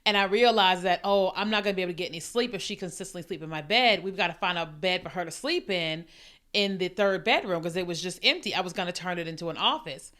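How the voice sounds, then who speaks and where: A woman with a bright, clear voice tells her own faith story as a podcast host. She speaks in a lively, conversational way and acts out what she and others said. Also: fairly low pitch, fast. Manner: animated storytelling, acting out quoted voices. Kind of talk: personal faith testimony.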